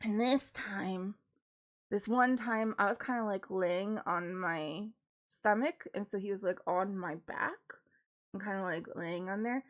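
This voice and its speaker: A woman's voice: mid-range voice, a little slow. A woman streaming from home, chatting casually with lots of "like" fillers and ready laughter. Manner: chatty, with frequent 'like' fillers; laughs readily while telling stories. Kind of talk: casual chat.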